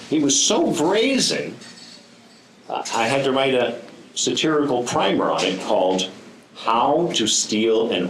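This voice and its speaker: A man's voice: lowish voice, a bit bright, echoey room, slight background noise, poor audio. A man giving a prepared speech to a live audience, telling stories with dry, wry humor and frequent ums. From United States. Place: room with an audience.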